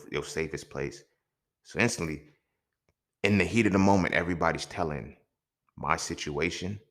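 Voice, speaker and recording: A young man and podcast host telling a personal story in an emphatic, profane way, often checking in with his listeners. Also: a bass voice.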